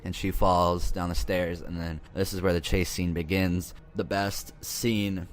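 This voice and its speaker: Low-voiced man rambling through a movie recap. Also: level tone, unhurried. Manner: rambling, profane, joking. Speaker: movie reviewer.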